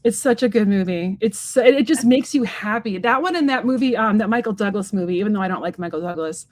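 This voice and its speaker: A woman's voice: mid-range voice, fast, darkish tone, no echo. A woman co-hosting a casual live stream, talking in a rambling, chatty way with lots of fillers and playful quoted voices. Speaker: psychic medium, stream co-host.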